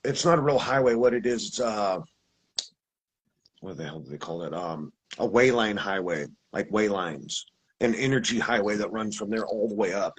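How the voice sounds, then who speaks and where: Husky-voiced man telling a rambling story. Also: fairly low pitch, animated, moderate pace, rough recording. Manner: rambling, restarts and acts out quoted voices. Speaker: guest telling his experience. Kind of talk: casual storytelling.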